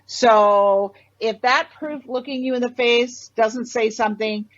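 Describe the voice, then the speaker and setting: A middle-aged woman, a doctor guest on a podcast, telling stories in a passionate, animated way. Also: fairly high pitch, a little slow, no room sound, muffled recording. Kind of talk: casual interview talk.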